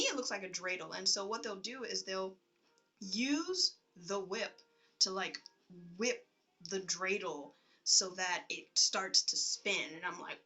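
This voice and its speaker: A woman telling stories in a casual vlog, rambling and animated, laughing often and filling her speech with fillers. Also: mid-range voice, distant mic. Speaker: vlogger.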